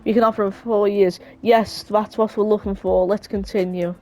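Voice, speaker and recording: A woman's voice: mid-range voice, steady tone, moderate pace, warm tone, soft background music, natural voice, poor audio. A woman voicing stiff, formal football officials in a contract talk, in a weird put-on voice. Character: stiff formal club official and player agent.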